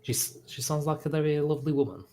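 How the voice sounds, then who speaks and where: A man voicing a courteous, soft-spoken gentleman in a tabletop game. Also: a little high, expressive, quick pace, soft background music, pitched above the performer's own voice, natural voice. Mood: soothing. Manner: polite, hushed, gentle.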